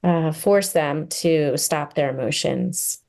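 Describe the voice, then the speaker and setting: A woman therapist appears as a podcast guest, talking casually in a low, slightly dark voice with vocal fry. She comes across as earnest and chatty, filling her speech with fillers and quick bursts of laughter.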